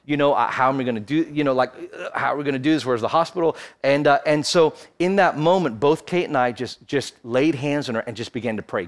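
A man's voice: a little high, brisk, few pauses. A man in his thirties preaching a sermon as pastor, telling a personal story and building to fervent exhortation. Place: church, streamed online.

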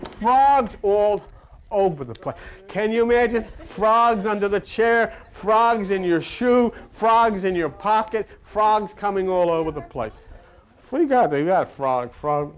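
Animated preacher man, lively pitch swings. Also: unhurried. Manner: animated, folksy storytelling with sudden pitch swings; mimics frog croaks and plays out quoted characters. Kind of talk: informal sermon.

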